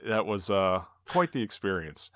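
Man, podcast co-host, casual storytelling, animated pitch, dry close sound. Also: moderate pace, no echo. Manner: storytelling, chuckling. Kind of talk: casual chat.

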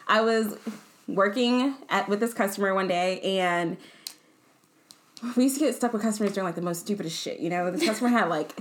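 A woman's voice: mid-range voice, fairly quick. A young woman telling a personal story in a casual chat, rambling with lots of fillers and self-corrections.

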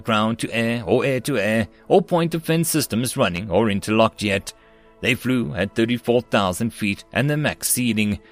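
Man, audiobook narrator, mid-range voice, steady reading, faint background music. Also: mid-range voice. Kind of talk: scripted narration.

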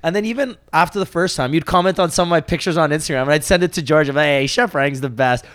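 A man co-hosting a podcast in relaxed, friendly chat, with a lot of "like" in his talk. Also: a little high, rapid-fire, no room sound, clean studio sound. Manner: friendly, casual, uses a lot of "like". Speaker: podcast co-host.

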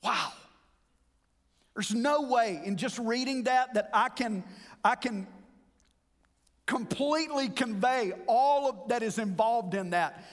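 A man's voice: extremely high pitch, slow pace, pauses often. A man preaching a sermon as pastor, earnest and expository, drawing out words for emphasis. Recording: long hall reverb.

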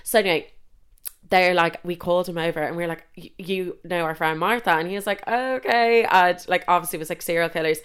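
A young Irish woman tells a story in a loose, chatty way, swearing freely and using "like" constantly. Her voice sits fairly low for a woman and sounds smooth and clear. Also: a little fast, a bit bright. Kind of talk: casual storytelling.

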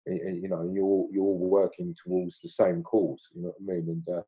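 Rambling middle-aged man, husky and low. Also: little pitch movement, quick pace, dark tone. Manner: rambling, repeats "you know what I mean". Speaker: film crew guest. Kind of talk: casual interview chat.

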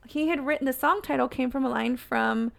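Gravelly-voiced woman chatting casually. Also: sits high, brisk, fairly bright tone. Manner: rambling, many fillers and restarts. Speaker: podcast co-host. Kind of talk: casual chat.

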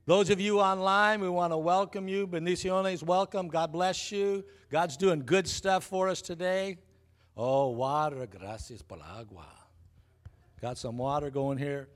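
Older male preacher, playful and exuberant, a touch higher-pitched than most men. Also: a little slow. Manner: jokey and exuberant, with sudden whoops. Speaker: pastor. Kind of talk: lively church sermon and welcome. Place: church sanctuary.

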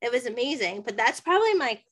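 A woman's voice: fairly high pitch, fast. A woman guest on a podcast telling a personal story in casual chat, acting out the dialogue and often saying "like". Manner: animated, acts out dialogue, many "like" fillers.

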